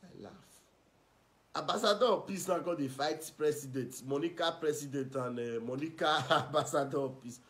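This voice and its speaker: A man with a Nigerian Pidgin accent giving ranting, mocking gossip commentary, scolding and swinging between loud and soft. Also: fairly high pitch, normal speed. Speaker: online commentator.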